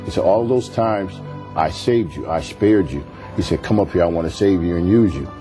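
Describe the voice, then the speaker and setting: Deep-voiced and moderately paced, a man gives his testimony as a pastor guesting on a TV interview, with music playing in the background. He speaks earnestly, performing the voices of people he quotes.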